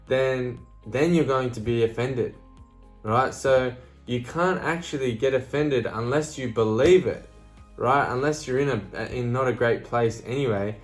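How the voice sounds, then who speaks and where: A man giving a casual motivational talk to camera, blunt and plain-spoken, swearing freely and often checking in with "right?" and "you know". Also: medium pitch. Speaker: motivational speaker.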